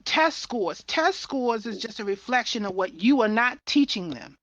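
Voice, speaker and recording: A woman's voice: a little high, animated, moderate pace, a bit bright. A woman hosting a podcast who talks with fervent, preachy conviction and often repeats her words. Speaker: podcast host. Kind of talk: impassioned podcast conversation. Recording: dull muffled audio.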